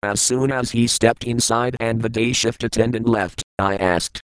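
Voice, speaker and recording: A man reads an audiobook in the first person, measured and reflective. His voice is smooth and resonant, at a middle pitch. The recording is close and dry. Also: steady tone, no echo, poor audio. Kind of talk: audiobook narration.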